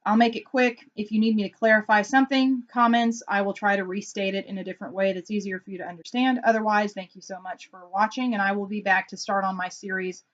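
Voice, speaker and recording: A woman Enneagram consultant explains personality types in a casual vlog, telling animated stories and acting out quotes. Her mid-range voice is fast with hardly any pauses, recorded with lo-fi sound.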